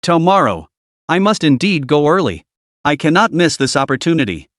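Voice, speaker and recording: A man's voice: fairly high pitch, big pitch swings, normal speed, a bit bright, no echo, clean studio sound. A man voicing an eager young male disciple who speaks earnestly and secretively.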